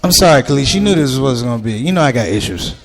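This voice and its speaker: A man's voice: medium pitch, lively intonation, quick pace, slight background noise. A man performing a stand-up comedy routine on stage, telling stories animatedly and acting out the voices of the people in them. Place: ballroom stage before a live audience.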